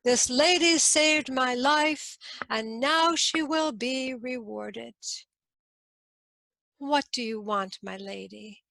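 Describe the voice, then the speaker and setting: A woman's voice: sits high, takes it slowly, creaky, sharp tone, no room sound, full character voice. A woman storyteller voicing an earnest, noble king who speaks in a raised, declaiming way. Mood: formal.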